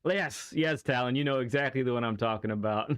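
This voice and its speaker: A man's voice: medium pitch, smooth. A man streaming a racing game, chatting casually and enthusiastically, rambling with many restarts and laughs. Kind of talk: casual livestream chat while playing a racing game.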